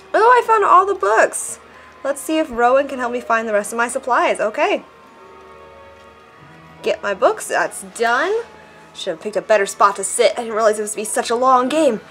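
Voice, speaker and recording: A woman casually commenting while playing a mobile game, chatty and excitable, reading the on-screen text aloud. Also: a little high. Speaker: gameplay vlogger. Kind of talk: casual let's-play commentary.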